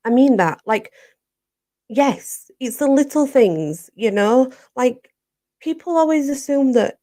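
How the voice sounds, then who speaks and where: A woman from Barnsley with a Yorkshire accent, hosting a relaxed live chat and answering viewers, who says "you know" again and again. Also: high voice, slow pace, pauses often. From Barnsley, Yorkshire, England. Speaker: livestream host.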